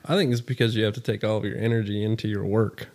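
A man's voice: lowish voice, steady tone, fast, a little mellow. A man who is a guest on a podcast, chatting in a laid-back, playful way. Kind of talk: casual chat.

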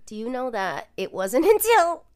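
A woman's voice: fairly high pitch, sing-song, moderate pace, a little mellow, a little hiss or hum. A woman co-hosting a podcast, chatting casually in a giggly, self-deprecating way. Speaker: podcast co-host. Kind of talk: casual chat.

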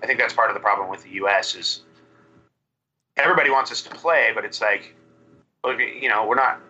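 A man's voice: lowish voice, brisk, breathy edge. Man on a dull lo-fi call. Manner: relaxed, rambling with fillers. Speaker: band singer, guest. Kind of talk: remote podcast interview.

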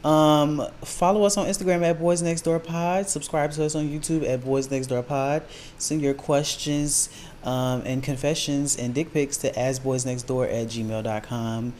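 A podcast co-host chatting casually in a relaxed, wry way and reading show plugs. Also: mid-range voice, unhurried, a little hiss or hum. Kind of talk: casual chat.

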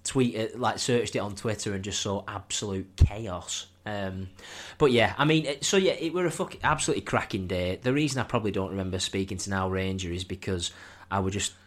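A man's voice: fairly low pitch, a little fast, few pauses. A young man, co-hosting a podcast and telling rowdy, laughing football stories, saying "were" for "was". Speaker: podcast co-host. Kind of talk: casual chat.

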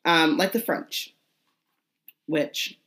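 A woman co-hosting a casual book podcast, telling animated, jokey, rambling asides. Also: deep voice, extremely slow. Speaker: podcast co-host. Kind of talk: casual chat about a book.

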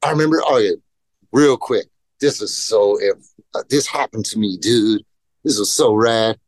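A middle-aged man and pro skateboarder, telling stories in casual chat, animated and profane, acting out quotes in voices. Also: fairly low pitch, normal speed, no echo.

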